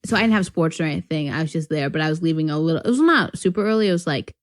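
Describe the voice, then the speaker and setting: A young woman from North Carolina spins a rambling story on a podcast. She packs it with "like" and laughs often. Her voice sits a little low, and the sound is dry and close. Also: expressive, very fast, no room sound. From North Carolina, USA. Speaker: podcast co-host. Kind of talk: casual chat.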